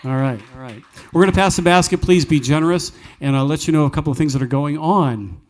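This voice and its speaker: A man with a fairly high-pitched voice talks fast while hosting a live cafe music night. His earnest, folksy stories slide into preaching, sprinkled with jokey asides.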